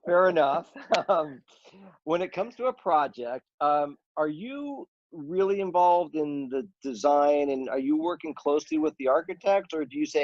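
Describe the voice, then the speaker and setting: A man's voice: a little high, animated, moderate pace, no echo. A man hosting an interview, asking tentative questions that he rephrases as he goes. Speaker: interview host. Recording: dull lo-fi dry audio.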